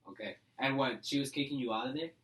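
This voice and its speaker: A young man co-hosting a casual podcast, relaxed and agreeable, chiming in with questions. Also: mid-range voice, quick pace, recorded from a distance, poor audio. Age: young adult. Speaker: podcast co-host. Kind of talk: casual chat.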